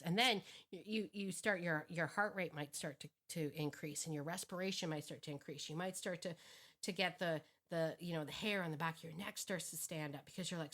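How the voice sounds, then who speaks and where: A woman dog trainer talking through a lesson in a casual, animated way, laughing often and restarting her sentences. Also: fairly low pitch, a little fast. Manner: animated, acts out inner thoughts, laughs often; frequent restarts and repeated words. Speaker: dog trainer, show host. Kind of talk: casual teaching monologue.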